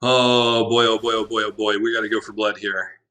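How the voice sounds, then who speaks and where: A man giving casual commentary on his own card game, thinking out loud, laughing often and swearing now and then. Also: lowish voice, level tone, normal speed. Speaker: Magic Arena drafter, channel host.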